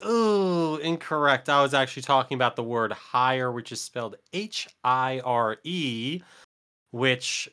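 A man co-hosting a podcast, making mock-formal announcements in a deadpan manner during casual chat. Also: mid-range voice, a little slow, clean tone. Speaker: podcast co-host.

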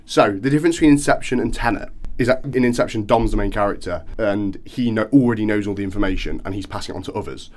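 A man in casual film chat on a podcast, animated and acting out quoted reactions. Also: fairly low pitch, fast, hardly any pauses.

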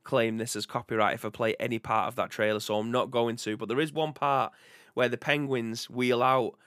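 British male streamer-host, casual rambling talk, mid pitch, dry close mic. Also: fairly even intonation, a little fast, fairly bright tone, no room sound. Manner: chatty and rambling, reads out chat comments. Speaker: podcast host. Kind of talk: casual live-stream chat.

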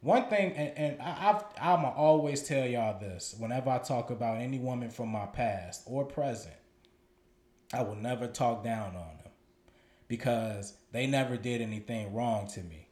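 A man's voice: mid-range voice, moderate pace, darkish tone. Roomy-sounding man telling a candid story. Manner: loose, profane, repeats words as he thinks. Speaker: podcast co-host. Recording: roomy echoey room.

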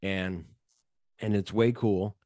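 A man's voice: lowish voice, steady tone, takes it slowly, darkish tone, dry recording, clean studio sound. A man co-hosting a podcast, retelling film scenes in a loose, rambling way with plenty of swearing. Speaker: podcast co-host. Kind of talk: casual movie-discussion chat.

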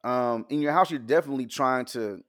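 A man's voice: medium pitch, fairly quick, a bit bright. A man co-hosting a casual podcast chat, telling stories in a blunt, profane way.

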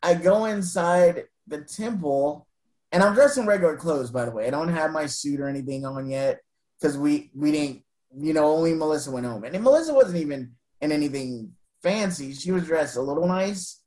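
A man's voice: a little high, animated, low-quality recording. Earnest man telling a painful story. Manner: earnest, halting, with frequent restarts and soft laughs; retells exchanges by voicing both sides. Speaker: interviewee telling a personal story. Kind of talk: emotional first-person storytelling.

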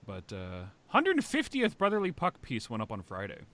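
Guy hosting a podcast, swears a lot, pitch jumping all over the place. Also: normal speed. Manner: animated, swearing, big swings in pitch. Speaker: podcast host. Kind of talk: casual podcast chat.

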